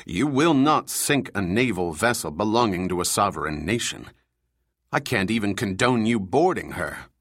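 A man's voice: lowish voice, animated, normal speed, no echo, clean studio sound. A male narrator voicing a stern senior intelligence official who speaks firmly and commandingly. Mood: angry. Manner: firm, commanding, shouting when crossed.

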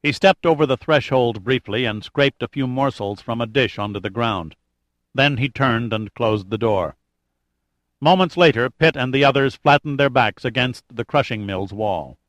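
A man reading an adventure novel aloud in steady, even scripted narration. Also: mid-range voice, moderate pace, dry recording. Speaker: audiobook narrator.

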